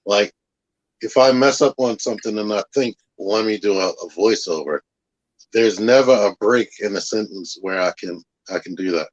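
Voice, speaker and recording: Man, low voice, relaxed, nonchalant, dry sarcasm, dull lo-fi audio. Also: moderate pace, no room sound. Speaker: guest creator. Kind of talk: casual chat.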